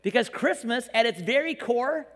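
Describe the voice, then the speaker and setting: A man's voice: extremely high pitch, normal speed, big-room sound. A man preaching a sermon in a church, telling the story with jokes and acting out the quotes. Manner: animated, jokey storytelling with acted-out quotes. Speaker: pastor.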